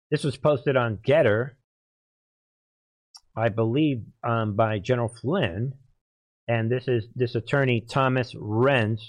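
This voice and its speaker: Excitable man hosting his channel. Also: mid-range voice. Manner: excitable, keeps laughing, calls the audience "people", gets loud. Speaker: channel host. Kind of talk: solo commentary monologue.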